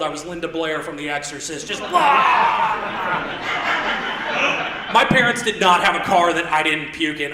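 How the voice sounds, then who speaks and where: A man in his thirties doing live stand-up comedy on a theater stage, rambling and self-deprecating with quick asides. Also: sits high, noisy background. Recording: roomy theater sound, mic heard from a distance.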